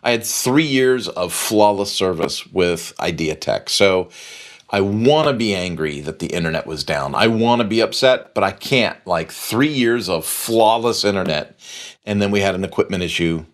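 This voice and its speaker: A man's voice: low-pitched, lively intonation, normal speed. A middle-aged man hosting a podcast, telling a long story in a casual, rambling way and repeating phrases for emphasis. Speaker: podcast host.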